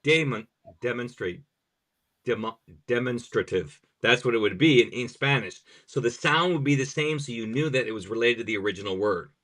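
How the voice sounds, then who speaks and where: A man's voice: mid-range voice, quick pace, hardly any pauses, a bit bright. A man hosting a podcast who is also a language teacher, explaining grammar examples step by step in conversation.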